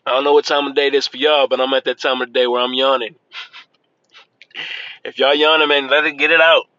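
A man's voice: mid-range voice, flat delivery, a little fast, bright, forceful tone, no room sound. A man talking casually to his viewers, loose and chatty, often saying "man" and "y'all". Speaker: vlogger. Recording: dull lo-fi sound with faint vehicle noise.

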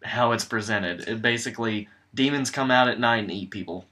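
A man's voice: medium pitch, a little fast, sharp tone. Rambling, swearing man podcast co-host. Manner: rambling, hedging, swears freely. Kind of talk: casual chat.

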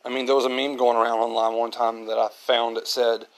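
Man, podcast host, earnest solo monologue, mid-pitched voice, reflective. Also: little pitch movement, brisk. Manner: earnest, reflective, repeats himself.

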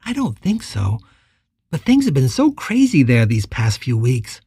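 Narrator voicing a soft, worried woman friend. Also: a bass voice, huge pitch swings, unhurried, husky, no echo, clean studio sound, exaggerated voice. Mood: concerned. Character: soft-spoken, concerned woman friend on the phone.

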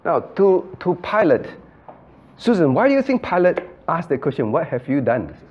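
A man's voice: a little high, sing-song, normal speed, darkish tone, husky, lo-fi sound. A man, a pastor, leading an interactive Bible study, calling on listeners by name, repeating phrases and acting out quoted dialogue.

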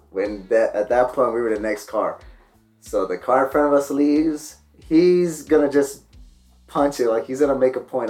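A man's voice: medium pitch, moderate pace, faint music behind. A man telling funny stories in a casual podcast chat, acting out the people in them. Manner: animated, acts out the people in his stories.

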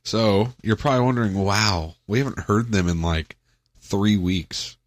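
Brief: deep-voiced young male podcast co-host, joking and easygoing, close dry mic. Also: a little slow, dry recording. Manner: joking, playful, laughs often. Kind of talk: casual chat. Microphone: studio headset mic.

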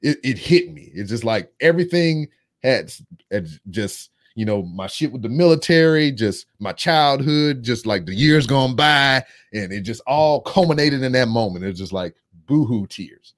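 A man in his thirties, co-hosting a podcast and telling a story in casual chat. His mid-pitched voice swings widely up and down as he tells it, and he swears freely along the way. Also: moderate pace. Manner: profane, animated storytelling. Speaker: podcast co-host.

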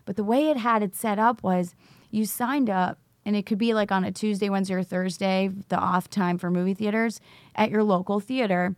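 Animated storytelling woman, dry close sound. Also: medium pitch, moderate pace, dry recording. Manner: animated storyteller acting out quoted dialogue. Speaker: teacher, recovery school founder. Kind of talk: interview storytelling.

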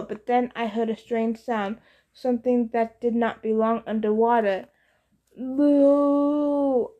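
A woman with a slightly high voice reads a novel in first person. Her telling is casual and expressive, like a teenager's. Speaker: audiobook narrator.

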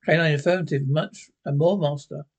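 A man's voice: on the high side, fairly even intonation, fairly quick, lightly acted. A man reading the part of a robot dog computer, clipped and mechanical. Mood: warning. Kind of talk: reading a script aloud.

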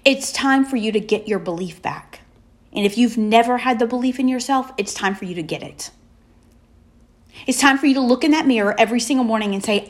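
A woman giving a faith-based motivational talk, speaking in emphatic, repeated affirmations with slow, drawn-out pauses. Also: fairly high pitch, lively intonation.

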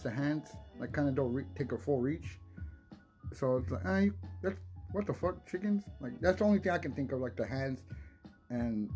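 A man's voice: a little high, a little mellow. A young man hosting a casual solo podcast, rambling with lots of swearing, laughs and restarted words. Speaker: podcast host.

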